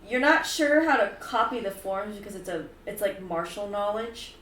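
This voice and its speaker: Brief: casual, giggly woman game master; bright tone, faint ambience. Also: mid-range voice, expressive, normal speed, slight background noise. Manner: casual, giggly, hesitant fillers. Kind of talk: narrating a tabletop game. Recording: roomy distant mic, faint ambience.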